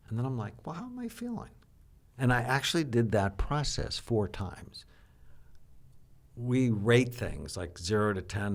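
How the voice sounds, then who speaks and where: An older man with a very low voice speaks as a psychiatrist guest. He explains in a teacherly, animated way, telling personal stories to make his point. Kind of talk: interview conversation.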